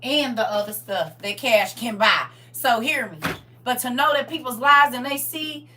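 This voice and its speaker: A woman pastor talking casually on a live stream about faith, swinging from loud exclamations to hushed asides. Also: fairly high pitch, normal speed, recorded from a distance, a little hiss or hum.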